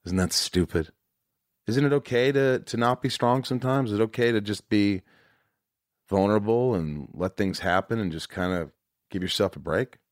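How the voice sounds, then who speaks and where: This podcast host talks frankly and emotionally in a casual, candid chat, rambling and swearing with many restarts and fillers. His voice sits on the low side and moves at a moderate pace, recorded in studio quality with no room sound.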